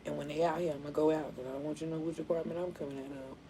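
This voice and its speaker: A woman hosting a casual live stream, telling stories in an animated way and laughing often. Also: low-pitched, rapid-fire, a little hiss or hum, low-quality recording.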